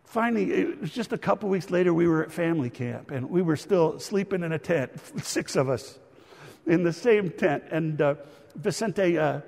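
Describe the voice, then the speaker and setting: A middle-aged man preaching a sermon, telling a family story and calling the listeners friends. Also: fairly high pitch. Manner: storytelling, acts out a child's voice in quotes, addresses listeners as friends. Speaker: pastor. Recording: reverberant church hall.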